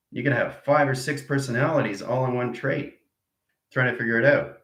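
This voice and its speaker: A man's voice: mid-range voice, a little fast, fairly bright tone, reverberant, rough recording. A man giving a rambling spiritual lecture, repeating abstract jargon and checking in with his listeners. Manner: acts out arguing inner voices. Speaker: self-styled spiritual teacher.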